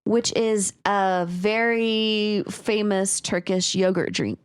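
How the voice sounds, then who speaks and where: A woman's voice: mid-range voice, animated, takes it slowly, smooth, no room sound. A woman, co-hosting a podcast and telling a casual story with frequent laughter. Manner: chatty storyteller, laughs often, some swearing. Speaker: podcast co-host. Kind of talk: casual chat. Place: West Texas.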